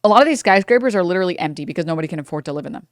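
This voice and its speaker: A woman's voice: fairly low pitch, animated, racing, dry recording, studio quality. Heated, profane woman streamer ranting. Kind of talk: live stream reaction commentary.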